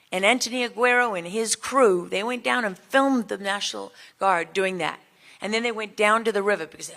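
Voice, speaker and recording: A woman's voice: mid-range voice, normal speed, fairly bright tone. A woman giving an impassioned speech at a summit, firing rhetorical questions at the crowd. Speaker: speaker at a border summit.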